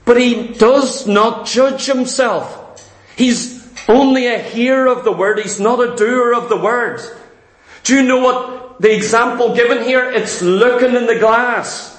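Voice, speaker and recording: A man with a Northern English accent preaching a sermon, fervent and quick, firing rhetorical questions at his listeners. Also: very high-pitched, roomy sound.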